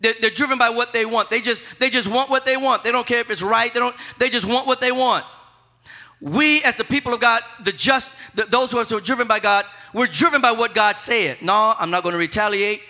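A man's voice: extremely high pitch, a little fast, pushed and bright. A man preaching a fervent sermon, repeating phrases and leading the congregation in call-and-response.

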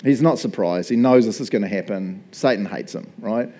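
A man's voice: on the low side, moderate pace, dark tone. A male pastor giving a casual, conversational sermon. He laughs often and keeps asking "right?". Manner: chatty, laughs often, asks "right?" a lot.

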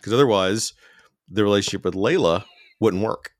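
A man co-hosting a podcast, calmly explaining and arguing his reading of the show. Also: fairly low pitch, moderate pace, no room sound, studio quality. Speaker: podcast co-host. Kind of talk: casual podcast chat.

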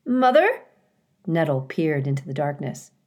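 A woman teacher reading a children's novel aloud in a calm, clear storytelling manner. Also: sits low, slow. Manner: calm, clear storytelling with occasional dramatic emphasis.

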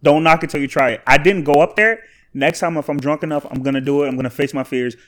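A man co-hosting a casual podcast chat, an animated storyteller who laughs often and swears freely. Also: a little high, fast. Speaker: podcast co-host.

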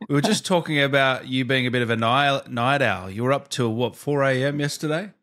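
A man's voice: medium pitch, fairly quick, a bit bright. A man hosting an interview show over a video call, enthusiastic and full of praise for his guest. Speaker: show host. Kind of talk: casual interview chat.

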